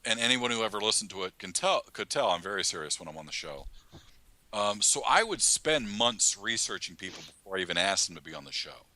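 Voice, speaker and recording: A man who writes an audio drama, chatting on a podcast in a halting, self-mocking way and laughing often mid-sentence. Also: fairly low pitch, expressive, pushed and bright, dry recording. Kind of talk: casual podcast chat.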